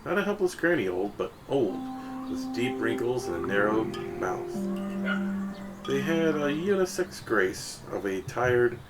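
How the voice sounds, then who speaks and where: A man's voice: mid-range voice, big pitch swings, measured pace. A man reads a first-person story aloud in a mid-range voice. His delivery is casual and he corrects himself along the way. Music plays steadily behind him. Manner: casual reading with self-corrections.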